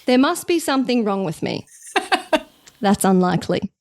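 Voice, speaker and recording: A woman's voice: medium pitch, big pitch swings, normal speed, a little mellow, no echo, studio quality. A woman co-hosting a casual podcast, jokey and teasing, often giggling. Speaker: podcast co-host.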